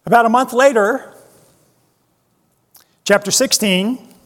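A man preaching a sermon, slow and emphatic, asking his listeners rhetorical questions. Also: very high-pitched, big-room sound. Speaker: pastor.

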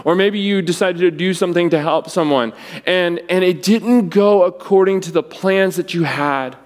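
A man preaching a sermon, acting out the quoted voices with wide swings in pitch. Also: normal speed, big-room sound. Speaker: pastor.

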